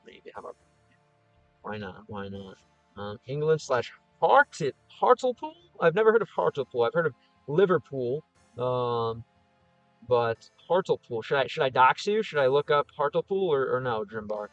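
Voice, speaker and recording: A man's voice: mid-range voice, very animated, normal speed, a bit bright, dry recording, muffled recording, faint music behind. A man casually chatting on a livestream as he answers viewer comments, thinking aloud with frequent restarts. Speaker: streamer answering live chat.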